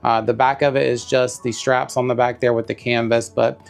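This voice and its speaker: A man talks through an unboxing in a chatty, gushing way, calling his viewers y'all. His mid-pitched voice has a gravelly fry to it. Soft music plays faintly underneath. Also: level tone, normal speed. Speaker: bag reviewer. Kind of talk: casual unboxing vlog.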